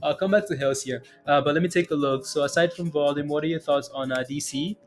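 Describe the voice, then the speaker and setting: Talking fast in a fairly high-pitched voice over soft background music, a man runs a casual day-trading livestream. He rambles through the charts and takes chat questions, chuckling frequently and leaning on fillers.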